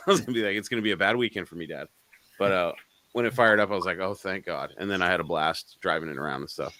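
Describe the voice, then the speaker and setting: Bright-voiced man telling a profane story. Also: low-pitched, rapid-fire. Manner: profane, laughs between lines. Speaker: co-host of a live car show. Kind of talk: casual storytelling chat.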